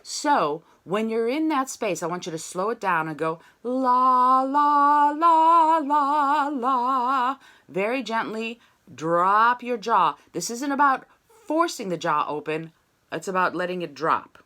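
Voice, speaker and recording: A woman's voice: on the low side, very animated, normal speed, sharp tone. A woman voice teacher giving an online singing lesson over a video call, explaining technique and singing short demonstration syllables.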